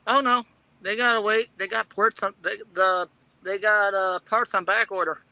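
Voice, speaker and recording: A truck driver talks from his cab in a high, very bright and smooth voice. He answers in short, matter-of-fact replies, recorded dry. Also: fairly even intonation, moderate pace, no room sound, low-quality recording. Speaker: truck driver panel guest. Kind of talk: casual chat.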